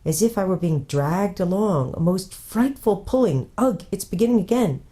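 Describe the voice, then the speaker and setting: A woman's voice: mid-range voice, animated, normal speed, mellow, voice pushed up, natural voice. A woman voicing Edmund, a plucky English schoolboy. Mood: alarmed. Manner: breathless, urgent exclamations. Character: brave schoolboy, quick to take charge.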